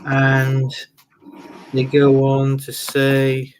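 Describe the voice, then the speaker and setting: A man's voice: medium pitch, monotone, extremely slow, slight background noise. Chatty man reading comments. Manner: chatty, laughs often, repeats phrases. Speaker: host of football show. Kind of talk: casual live-stream chat, reading viewer comments.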